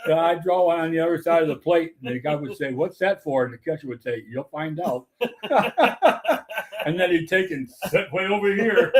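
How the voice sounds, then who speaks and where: A man's voice: a little high, lively intonation, a little slow. An older man hosting a casual chat, a former umpire telling stories and laughing at his own punchlines. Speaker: host, former softball umpire.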